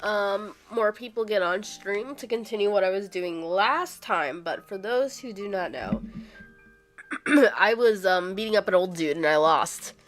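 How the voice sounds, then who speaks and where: Hoarse rambling woman streamer. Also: mid-range voice, unhurried, soft background music. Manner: rambling, lots of fillers and restarts. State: hoarse from a cold. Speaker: gaming streamer. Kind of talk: casual livestream chat. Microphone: streaming microphone.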